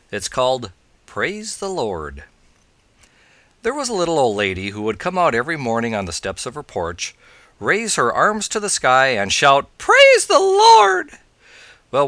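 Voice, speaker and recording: A man hosting a scouting show, calmly talking through advice and telling a joke story. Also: on the low side, no echo. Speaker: scoutmaster, podcast host.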